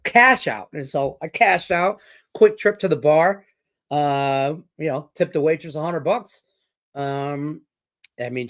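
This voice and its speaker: A middle-aged man from Detroit hosting a betting talk show, his voice sitting a bit higher than most men's. He rambles loosely, swears freely and leans on fillers as he tells a story and gives picks. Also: a bit bright. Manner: rambling, profane, story-telling with lots of fillers. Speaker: sports betting podcast host. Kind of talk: casual chat with betting picks.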